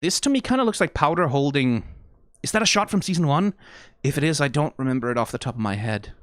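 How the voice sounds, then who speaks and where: A man streaming a casual reaction, analyzing scenes closely, swearing freely and getting emotional and excitable. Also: fairly high pitch, fast, no room sound, clean studio sound. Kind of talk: casual video commentary.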